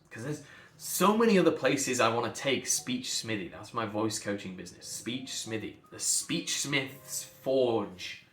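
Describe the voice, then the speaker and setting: A man's voice: mid-range voice, fairly bright tone. Emphatic male voice coach, echoey room. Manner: emphatic, repeats words for stress. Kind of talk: passionate monologue.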